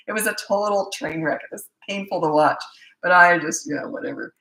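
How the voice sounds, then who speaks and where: A woman's voice: medium pitch, fairly even intonation, a little fast, bright, forceful tone. A middle-aged woman hosting a casual parenting Q&A, telling anecdotes and acting out what people said. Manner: chatty storyteller who acts out quoted remarks. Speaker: parenting coach and show host. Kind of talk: casual live Q&A chat. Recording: roomy echo.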